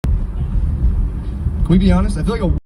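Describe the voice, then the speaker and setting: A man rattles off a crude stand-up routine in a slightly high voice, tossing in "dude" as he jokes. He sounds distant from the mic. Heavy traffic and car noise roar around him. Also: unhurried. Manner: crude, joking, calls everyone dude. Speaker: stand-up comedian.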